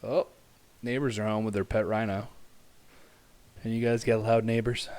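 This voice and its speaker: A man developing a game, chatting casually on a livestream from home as he works, relaxed and thinking aloud into a close desk mic. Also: on the low side, normal speed, long pauses. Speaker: game developer and animator streaming his work. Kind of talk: casual livestream work talk. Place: home room with noisy neighbors upstairs.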